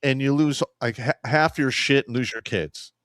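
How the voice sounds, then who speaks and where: A man's voice: mid-range voice, moderate pace, a bit bright, no room sound, studio quality. A man co-hosting a podcast, ranting heatedly with swearing. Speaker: podcast co-host, army veteran. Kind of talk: casual podcast chat.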